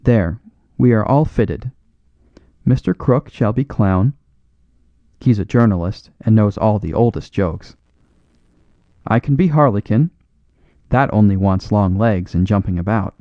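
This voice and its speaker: A man's voice: fairly low pitch, lively intonation, a little slow, pauses often, no echo, muffled recording. A man voicing a boisterous, big-hearted Canadian farmer in an exuberant, hearty way for a storybook reading. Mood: enthusiastic.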